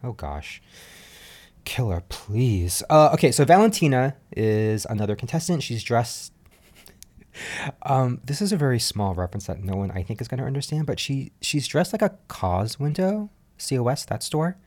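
A man's voice: mid-range voice, normal speed. A man hosting a podcast, chatting casually and laughing often as he recaps a reality show from home. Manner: chatty, animated, laughs often, frequent fillers. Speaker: podcast host. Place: home apartment.

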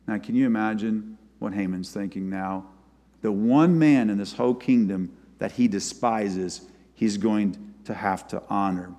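A man preaching a sermon and retelling a scripture story, his voice swinging from loud to soft. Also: fairly low pitch, measured pace. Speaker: pastor. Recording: long hall reverb.

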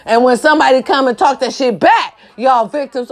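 A woman ranting to camera, blunt and profane, firing rhetorical questions and swinging between shouting and low muttered asides. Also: fairly quick, hardly any pauses. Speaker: social media commentator. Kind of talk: impassioned rant to camera.

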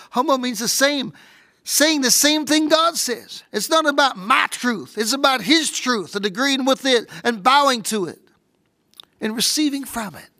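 A woman preaching a sermon with fervent delivery, dropping to hushed whispers and rising to shouts, often repeating words when stirred. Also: high voice, no room sound, studio quality.

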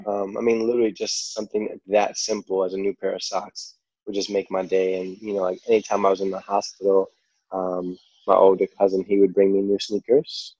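A man's voice: deep voice, level tone, a little fast, mellow, no room sound, muffled recording. A man with a New York accent, a podcast guest telling stories in a rambling, casual way, full of "like" and "you know". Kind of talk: casual storytelling.

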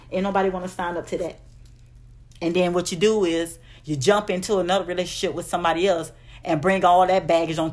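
Blunt, sassy woman ranting advice. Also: fairly low pitch. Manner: blunt, sassy, profane, keeps calling listeners "honey". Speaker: advice vlogger. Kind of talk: casual advice rant to camera.

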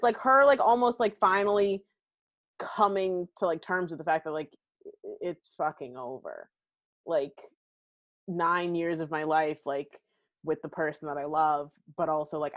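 A young adult woman hosting a podcast, chatting casually and expressively about a movie, filling her talk with "like". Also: fairly low pitch. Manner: chatty, heavy use of "like", expressive. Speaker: podcast host.

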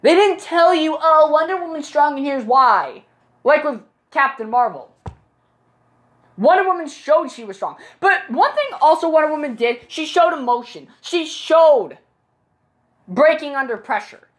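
A woman's voice: sits high, lively intonation, a little slow. A woman giving a casual, blunt and opinionated movie review, exasperated and swearing freely.

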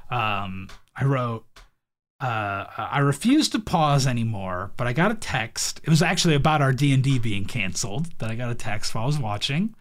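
A man's voice: mid-range voice, very animated, normal speed. A man co-hosting a podcast, chatting casually about a movie, rambling with lots of "like" and frequent laughter. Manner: rambling, heavy use of "like", laughs often. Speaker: podcast co-host. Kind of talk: casual chat reviewing a movie.

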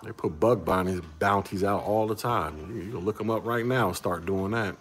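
A man's voice: on the low side, moderate pace. A man in his forties hosting a casual livestream and chatting with viewers, rambling, repeating words and chuckling often. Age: 40s. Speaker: livestream host reading chat.

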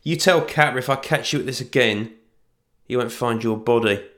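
Man voicing a fierce woman ranger, sharp-tongued, threatening, audiobook figure. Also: mid-range voice, moderate pace, close to an everyday voice. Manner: snarling, blunt, threatening.

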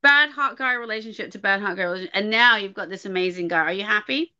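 Bright, lively-voiced woman host on a dull line. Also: medium pitch, quick pace. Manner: chatty, blunt, laughs often. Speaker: podcast host. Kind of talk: casual chat. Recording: dull lo-fi sound.

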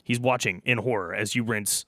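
A man running a comedy tabletop game as game master, narrating in a playful, deadpan way. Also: fairly low pitch, moderate pace, dry recording, studio quality.

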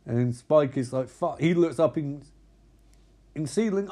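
A man's voice: a little high, a little slow. A man, casually recapping a film and acting out the characters' lines. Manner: animated, acts out characters' lines, swears a lot. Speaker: film commentator.

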